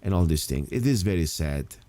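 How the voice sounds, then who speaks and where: Emphatic talk radio host, lowish voice. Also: male voice, expressive, fairly quick, dark tone. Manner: emphatic, rambling with restarts. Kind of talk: casual talk radio monologue.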